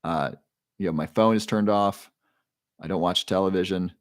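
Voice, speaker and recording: Low-voiced man answering a live chat. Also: normal speed, dry recording, clean studio sound. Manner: relaxed, guides breathing, reads chat names aloud. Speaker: livestream host. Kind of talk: casual livestream talk, answering chat.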